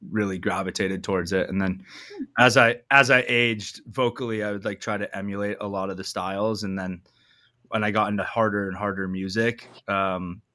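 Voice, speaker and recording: A man's voice: fairly low pitch, fairly even intonation, moderate pace, sharp tone. A man, a band's vocalist, talking in a laid-back way with many fillers in a casual interview. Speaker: band vocalist.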